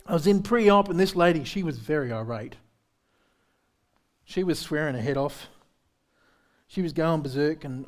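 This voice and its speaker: Male pastor with a high voice, preaching conversationally, blunt and self-deprecating, keeps asking the room "right?". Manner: candid, self-deprecating humor. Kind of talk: sermon. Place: church service.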